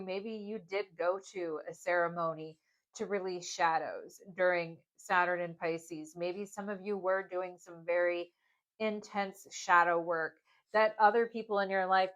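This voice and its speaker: A woman's voice: on the low side, a bit bright, rough recording. Woman rambling through a tarot reading. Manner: rambling, filler-heavy, keeps asking "okay?". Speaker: tarot reader. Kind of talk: casual pick-a-card tarot reading.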